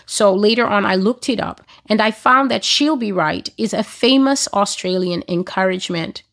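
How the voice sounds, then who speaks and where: A woman's voice: medium pitch, a bit bright. Earnest woman sharing prophetic visions. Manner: earnest, deliberate, with occasional halting restarts. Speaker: prophecy blogger. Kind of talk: spoken prophetic testimony.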